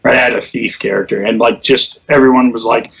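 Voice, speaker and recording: A man's voice: medium pitch, fairly even intonation, brisk, gravelly, fairly bright tone, slightly rough. A man chatting casually about online gaming, telling stories with lots of swearing and laughter, acting out quotes. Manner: profane, laughing storyteller who acts out quotes.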